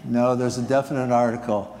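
A man's voice: medium pitch, flat delivery, brisk, dark tone, long reverb tail. A male pastor preaching a sermon, speaking emphatically and repeating his key phrases. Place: church sanctuary.

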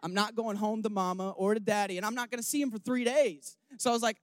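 A young man delivers a candid, rambling sermon full of restarts and questions to his listeners, swinging between hushed emotion and loud, rousing calls. His voice is high-pitched and fast, and the recording is dry.

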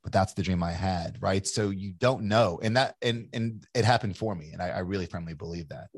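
A man in his forties from Kentucky, USA, appears as an entrepreneur guest, telling his story in a candid, rambling interview full of restarts. His voice is deep and brisk, and the recording is dry.

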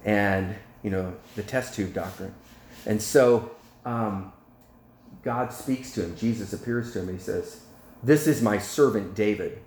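A man with a low voice preaches his testimony, telling it vividly and acting out the voices. The room sounds echoey, with faint ambience underneath. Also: measured pace, a little hiss or hum. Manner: animated storyteller, acts out quotes, laughs. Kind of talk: testimony storytelling.

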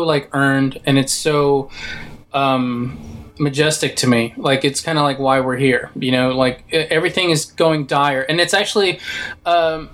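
A man's voice: fairly high pitch, fairly bright tone. A man co-hosting a casual film podcast, talking with big enthusiasm, swearing freely and acting out lines from scenes. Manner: enthusiastic, swearing, acts out quotes. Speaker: podcast co-host.

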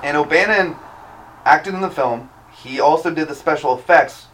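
A man's voice: on the high side, moderate pace, a bit bright, a little hiss or hum. A young man co-hosting a podcast, chatting loosely, joking and swearing freely. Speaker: podcast co-host. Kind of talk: casual chat.

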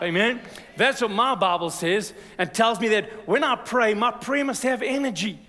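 A man preaching a sermon as a pastor, energetic and exhorting, calling "amen" to the congregation. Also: high voice, moderate pace. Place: church hall. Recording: reverberant church hall.

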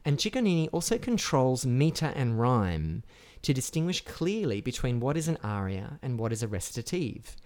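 A man giving a lecture on opera, explaining things clearly and sounding out Italian words slowly and with relish. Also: mid-range voice, very animated, darkish tone. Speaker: music lecturer.

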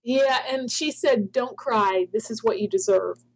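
A woman's voice: fairly high pitch, measured pace, breathy edge, poor audio. A middle-aged woman, a founder of a spa products company, telling a long story in an interview and acting out the dialogue she quotes.

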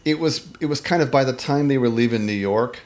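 A man's voice: mid-range voice, a little fast. A man talking casually about a film on a podcast, rambling with many restarts and acting out lines in voices. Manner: animated, rambling, many restarts and fillers, acts out quotes. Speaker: podcast co-host.

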